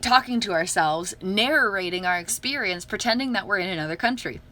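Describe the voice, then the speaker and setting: A woman's voice: medium pitch, animated, a little fast, bright, forceful tone. A young woman talking casually on a livestream, earnest and upbeat, often laughing. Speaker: livestream host.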